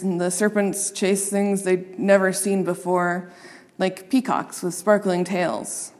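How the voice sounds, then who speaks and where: A woman reading a children's story aloud, expressive and playing up the sound words. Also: on the low side, in a large hall.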